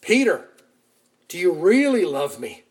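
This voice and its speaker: A preacher voicing a hearty Jesus calling out. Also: male voice, huge pitch swings, measured pace, husky, exaggerated voice. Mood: earnest. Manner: bright, hearty calls, higher and louder. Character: risen Jesus, friendly adult man calling from shore.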